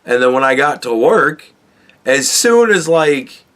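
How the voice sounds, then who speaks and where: A middle-aged man hosts a podcast, rambling through a work story with a steady stream of swearing. He talks casually in a mid-range voice and acts out both sides of the conversations. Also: mid-range voice, unhurried. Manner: profane, rambling and animated, acts out quoted dialogue. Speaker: podcast host.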